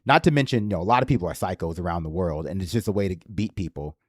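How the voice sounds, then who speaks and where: Racing along in a low voice, a man hosts a livestream of casual political commentary. Sarcastic and rambling, he swears freely and speaks with a slight lisp. It's studio-quality sound without echo.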